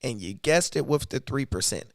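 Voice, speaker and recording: A man from Michigan hosting a casual livestream, his voice a little hoarse, talking loosely and reading from his notes. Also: medium pitch, expressive, moderate pace, dry recording, clean studio sound. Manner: loose and conversational, reads aloud from notes. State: slightly hoarse voice. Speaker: YouTube livestream host.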